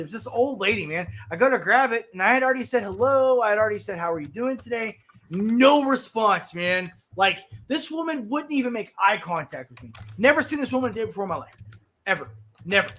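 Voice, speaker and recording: A man hosting a blunt talk stream, telling stories in a profane, animated way and stumbling over repeated words when worked up. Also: high-pitched. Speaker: stream host. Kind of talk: blunt casual storytelling.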